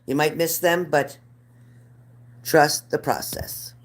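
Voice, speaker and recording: A woman's voice: low voice, fairly even intonation, slow pace. Chatty woman doing live card readings. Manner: chatty, repeats viewers' names, gives earnest advice. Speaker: card reader.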